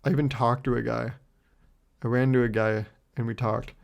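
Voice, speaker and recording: A man's voice: mid-range voice, level tone, normal speed, creaky. A man in his twenties hosting a solo podcast, telling a rambling story in a self-mocking way, laughing often and swearing freely. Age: 20s. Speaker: podcast host.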